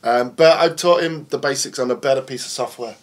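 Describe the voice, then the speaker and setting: A man's voice: mid-range voice, fairly quick. A man co-hosting a gaming podcast, chatting in a jokey, rambling way. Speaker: podcast co-host. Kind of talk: casual podcast chat.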